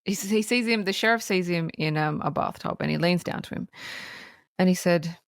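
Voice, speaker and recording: A woman's voice: fairly low pitch, a little fast, no echo, clean studio sound. Laughing woman retelling film scenes. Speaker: podcast co-host. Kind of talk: casual film review chat.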